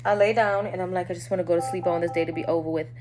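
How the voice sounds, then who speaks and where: A woman telling a personal story to her viewers in a candid, casual way, often dropping low and quiet. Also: steady tone, rapid-fire, noisy background.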